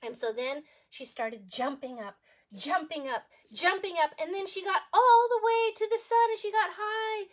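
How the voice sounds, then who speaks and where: A woman preschool teacher telling a story to young children, animated and sing-song, asking them questions as she goes. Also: very high-pitched, normal speed. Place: home.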